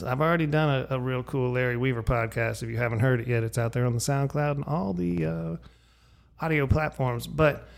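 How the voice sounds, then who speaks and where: A man hosting a podcast, chatting casually and telling animated stories from his past. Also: mid-range voice, creaky. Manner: storytelling, animated retellings. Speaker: podcast host. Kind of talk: casual conversation. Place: his mother's house.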